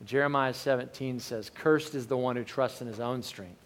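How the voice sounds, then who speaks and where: A man's voice: mid-range voice, moderate pace. A middle-aged man preaching a sermon in a candid, conversational way, often restarting his sentences. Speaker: pastor.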